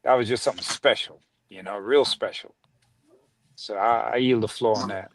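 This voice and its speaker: A man's voice: on the low side, fairly even intonation, moderate pace, a little hiss or hum, poor audio. A man in a casual sports podcast conversation who talks in a laid-back, slangy way and laughs often.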